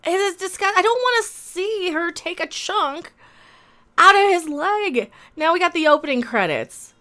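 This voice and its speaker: High, bright-voiced ranting woman. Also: expressive, measured pace, pauses often. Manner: sarcastic, ranting, swears often. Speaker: reaction video host. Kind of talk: live-streamed reaction commentary.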